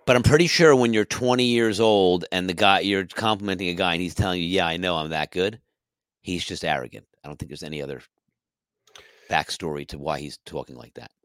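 A middle-aged man with a very low voice swaps music-scene stories in a relaxed podcast chat. He laughs easily and slips into little character voices when quoting people. The sound is dry and close, with no room echo. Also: fairly quick. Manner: laughs often, acts out quotes in character voices. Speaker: podcast co-host. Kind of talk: casual chat.

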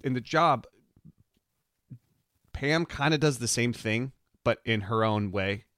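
A man's voice: medium pitch, slow pace, fairly bright tone, no room sound, clean studio sound. A man co-hosting a podcast in casual chat, talking things through with enthusiasm and care. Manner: enthusiastic, analytical. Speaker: podcast co-host.

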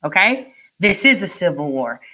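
Profane ranting woman, bright edge. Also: on the low side, very animated, moderate pace. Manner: ranting, profane, rhetorical questions. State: furious. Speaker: commentator reacting to a speech. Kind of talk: angry reaction commentary.

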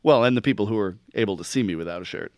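A man's voice: fairly low pitch, animated, rapid-fire, a little mellow, dry recording, studio quality. A man co-hosting a sports podcast, telling stories in a laid-back, wry way. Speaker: podcast co-host. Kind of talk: casual sports chat.

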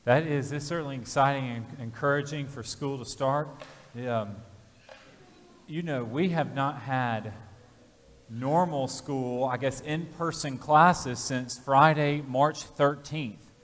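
A man addressing a church congregation in a relaxed, thoughtful way with pauses. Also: medium pitch, a little hiss or hum. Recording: reverberant church hall.

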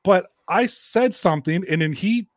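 A man telling stories as a podcast guest in casual chat, animated, swearing often and laughing a lot. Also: high voice, normal speed, dry recording.

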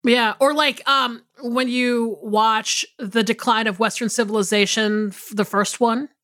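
A woman with a fairly high, bright voice chatting on a podcast. She rambles in a relaxed way and restarts her sentences often. The sound is close and dry. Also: measured pace, no room sound. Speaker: podcast co-host. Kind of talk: casual chat.

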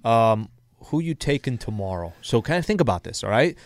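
A man's voice: mid-range voice, very animated, brisk, dry recording. A man co-hosting a casual sports talk radio show, easygoing with frequent fillers, at a studio microphone.

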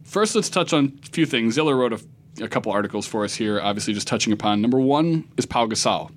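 A man's voice: mid-range voice, expressive, fast. A man with a Philadelphia accent hosting a casual sports podcast, laughing easily as he steers the talk. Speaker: podcast host.

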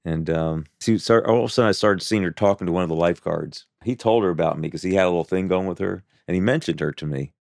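A man in his seventies telling his life story in an interview, halting and full of restarts and "you know" fillers. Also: deep voice, vocal fry, a little mellow. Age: 70s.

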